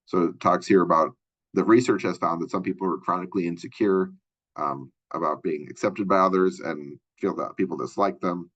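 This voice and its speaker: A man's voice: deep voice, a little fast, a bit bright, breathy edge, muffled recording. A male college instructor giving a conversational recorded lecture, full of fillers and asides.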